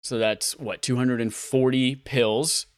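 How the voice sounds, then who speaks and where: A man co-hosting a comedy podcast, doing silly mock ad reads and breaking into high-pitched laughter. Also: fairly even intonation, slow, smooth, dry recording, clean studio sound. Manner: goofy, bursts into laughter and high squeals. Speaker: podcast co-host.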